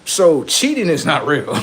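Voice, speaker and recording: A man's voice: on the high side, sing-song, measured pace, a bit bright, slight background noise. A man on a livestream, talking in a rambling, profane, boastful monologue, often laughing and acting out quoted voices. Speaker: livestream host.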